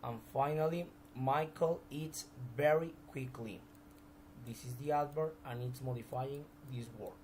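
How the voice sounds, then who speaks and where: A man's voice: medium pitch, a little slow, darkish tone, a little hiss or hum, low-quality recording. A man teaching a recorded grammar lesson, explaining examples step by step with frequent restarts.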